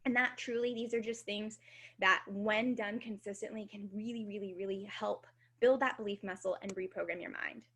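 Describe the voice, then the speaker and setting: A woman's voice: mid-range voice, fairly even intonation, normal speed, a bit bright, husky. A woman, likely in her thirties, giving a casual, upbeat motivational talk on a video team call, swearing now and then. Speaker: guest speaker.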